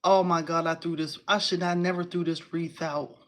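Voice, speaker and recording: A woman's voice: fairly low pitch, moderate pace. Chatty woman hosting a craft livestream. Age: 40s. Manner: chatty and animated, addresses viewers as y'all, laughs often. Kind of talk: casual livestream chat, showing crafts and reading comments.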